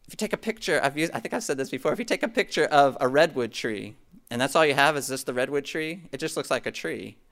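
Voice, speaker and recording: Quick-paced and lively, a middle-aged pastor with a medium-pitched, slightly bright voice delivers a conversational sermon rooted in scripture. Frequent "okay?" check-ins and asides to the congregation run throughout.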